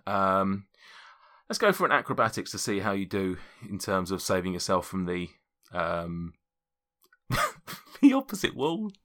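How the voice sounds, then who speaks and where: A man's voice: deep voice, moderate pace, pushed and bright. A man running a tabletop game, rambling and correcting himself as he narrates. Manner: rambling, self-correcting, laughs often. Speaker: game master.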